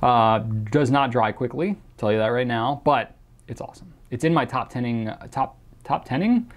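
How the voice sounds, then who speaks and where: A man's voice: medium pitch, normal speed. Chatty man answering viewer questions. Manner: chatty, casual, with many fillers and restarts; reads out a viewer's question in a mock accent. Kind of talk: casual chat.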